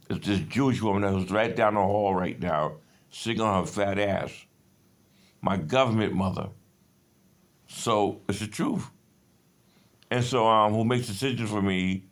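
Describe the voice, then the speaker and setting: A man in his fifties in a rambling personal monologue, agitated and profane, jumping between stories. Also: fairly low pitch. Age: 50s. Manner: agitated, profane, digressive storytelling.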